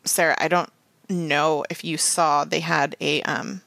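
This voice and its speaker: Gravelly-voiced woman podcast co-host. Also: low voice, steady tone, a bit bright, no echo. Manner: quick, rambling, self-aware asides. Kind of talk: casual podcast chat, sponsor read.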